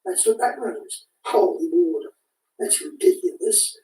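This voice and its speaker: An animated woman gives casual spoken commentary in an unhurried way, her pitch leaping up and down as she restarts and repeats herself. Her mellow voice sits a little high, and she sounds distant from the mic in an echoey room.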